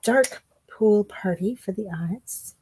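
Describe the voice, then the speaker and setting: A woman giving a relaxed card-making tutorial, chatting and thinking aloud as she works. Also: medium pitch, takes it slowly, slight background noise, poor audio. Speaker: craft demonstrator.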